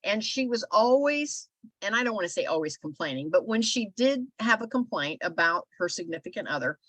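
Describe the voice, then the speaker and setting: A middle-aged woman co-hosts a relaxed talk show and tells stories in an animated way. She uses lots of conversational filler. Her voice sits at a middle pitch and is recorded dry and close. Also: brisk, no room sound. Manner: animated storyteller, many filler phrases. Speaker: podcast co-host. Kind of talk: casual storytelling chat.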